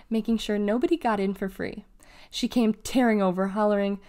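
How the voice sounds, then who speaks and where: A woman reading a children's novel aloud with measured, expressive storytelling. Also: medium pitch. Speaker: reader of children's books.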